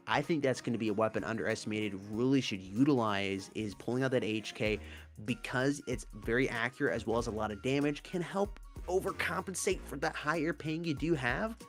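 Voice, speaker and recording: A man co-casting a mobile esports tournament, breaking down strategy in an animated, analytical way. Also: medium pitch. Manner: animated, analytical, stresses key words. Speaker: esports co-caster.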